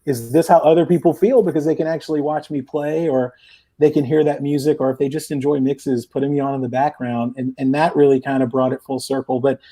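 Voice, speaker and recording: A man's voice: medium pitch, fairly even intonation, a little fast, warm tone. A man guesting on a live podcast, talking in a loose, rambling way with lots of restarts over a remote call. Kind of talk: casual chat. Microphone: headphones or headset, remote call.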